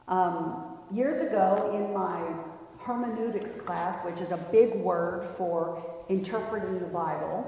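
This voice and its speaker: A woman's voice: medium pitch, gravelly, a little mellow. A woman pastor delivering a sermon in a conversational, lightly humorous storytelling way. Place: church sanctuary. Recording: echoey church hall.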